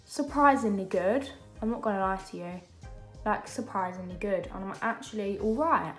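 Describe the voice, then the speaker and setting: A woman's voice: medium pitch, normal speed, echoey room, soft background music. Chatty young woman doing makeup. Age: young adult. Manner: chatty, rambling, many fillers and asides. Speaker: beauty vlogger. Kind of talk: casual chat while doing makeup. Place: home during lockdown.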